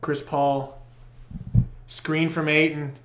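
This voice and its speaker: Young male podcast co-host, live play-by-play; bright, unhurried, echoey low-grade mic. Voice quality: profane, partisan fan commentary. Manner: excitable, swings from muttering to shouting. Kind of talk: live fan play-by-play reaction stream. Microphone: poor quality microphone.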